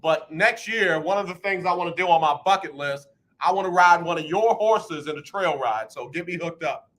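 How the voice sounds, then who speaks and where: Man, 50s, radio host, casual talk, playful, repeats himself, high-pitched, bright tone. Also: normal speed. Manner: animated, playful, repeats phrases for emphasis. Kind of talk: casual radio talk, reading listener comments.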